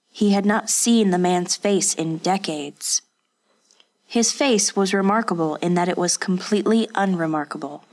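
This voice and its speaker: Low-voiced woman narrating a story. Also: a little mellow. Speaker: audiobook narrator. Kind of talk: scripted narration.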